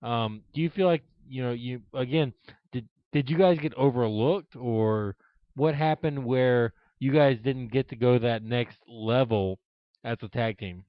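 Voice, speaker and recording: Smooth-voiced man asking rambling questions. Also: medium pitch, unhurried, no echo. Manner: long, circling questions with many ums. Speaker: interviewer, show host. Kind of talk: interview questions. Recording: dull, lo-fi.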